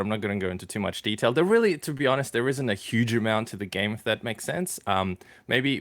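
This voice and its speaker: A man hosting a casual gaming podcast, relaxed and teasing, with plenty of fillers. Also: medium pitch, dry recording. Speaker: podcast host.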